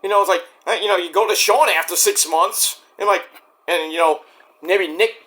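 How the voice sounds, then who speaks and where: Male vlogger, high bright voice, rambling and profane, slips into acted-out quotes. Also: fairly even intonation, normal speed, slight background noise. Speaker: wrestling commentary vlogger. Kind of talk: casual rant.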